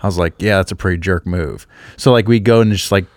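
Deep-voiced man in casual podcast chat. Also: fast, no room sound, studio quality. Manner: relaxed, rambling, laughs often. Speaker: podcast co-host.

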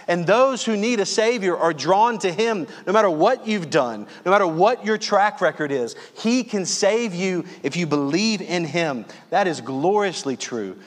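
A man from Louisiana preaching a sermon as pastor, earnestly calling his listeners friends and slowing down on key phrases. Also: high voice, big-room sound.

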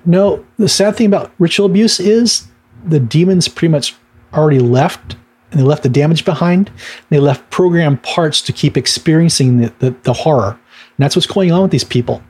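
A middle-aged man speaks as a minister in a relaxed, rambling teaching talk, full of ums and small laughs. His voice sits a touch high for a man, with a husky, slightly rough edge. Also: normal speed. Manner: conversational storytelling with laughs and fillers.

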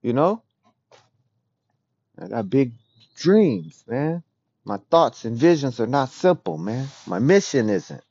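A man giving a raw, rambling, profane confessional monologue as a podcast host, often dropping to a low murmur. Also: sing-song, slow pace, pauses often, warm tone, no echo. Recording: dull dry lo-fi recording.

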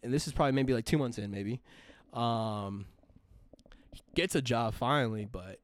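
A man's voice: medium pitch, normal speed. A young man co-hosting a podcast, telling a long story in a casual, profane, rambling way with lots of fillers and restarts. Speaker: podcast co-host.

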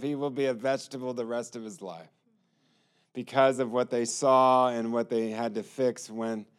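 A man's voice: mid-range voice, smooth. A man telling his personal testimony in an earnest storytelling manner, acting out the lines of others. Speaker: testimony speaker.

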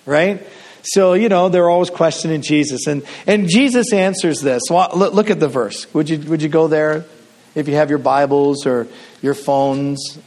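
Canadian-raised preacher, slightly high voice. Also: male voice, moderate pace, a little mellow. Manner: conversational storytelling, frequent restarts and fillers. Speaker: pastor. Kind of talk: sermon.

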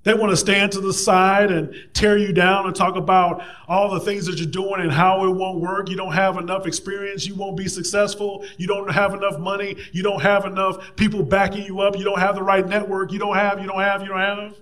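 Male preacher, slightly high voice, conversational and lively sermon delivery. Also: brisk, few pauses. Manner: conversational and animated, playful mock voices for hecklers.

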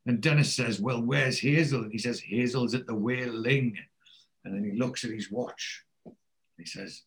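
A man in casual chat, retelling a TV episode and jumping into higher, louder voices for the characters he quotes. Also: normal speed.

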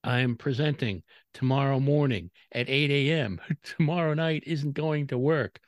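A man co-hosting a podcast, telling stories in a loud, emphatic, casual way. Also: medium pitch, normal speed, no room sound, clean studio sound. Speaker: podcast co-host. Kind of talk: casual chat and storytelling.

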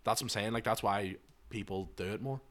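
A young Northern Irish man hosts a podcast with his friend. His voice sits low, and he talks with sarcasm, swearing and easy jokes. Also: fairly quick, a bit bright. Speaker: podcast host. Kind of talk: casual chat.

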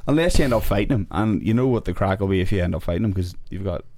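A man's voice: sits low, animated, very fast, a little mellow, no room sound. Northern Irish man ranting heatedly. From Northern Ireland. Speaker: guest fighter. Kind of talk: casual podcast chat.

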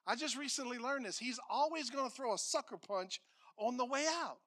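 A male pastor delivers a sermon in a high, ringing voice. He drives points home with repetition and swings from forceful declarations to quiet, hushed asides. The delivery is bright and insistent. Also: a little fast. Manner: emphatic preaching, repeating phrases, swings from loud to hushed.

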